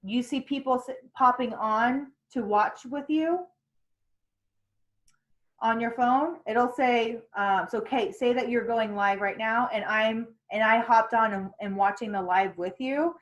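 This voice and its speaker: Chatty woman trainer with a higher-pitched voice, casual call, many fillers. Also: measured pace, lo-fi sound. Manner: chatty, many fillers and restarts, acts out quotes. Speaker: sales team trainer.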